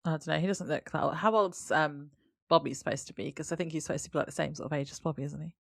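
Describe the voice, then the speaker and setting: A woman's voice: deep voice, fairly even intonation, fast, vocal fry, dry recording, clean studio sound. A woman co-hosting a podcast in casual chat, recapping scenes and trailing off as she thinks aloud. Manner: chatty, trailing off and hedging. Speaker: podcast co-host.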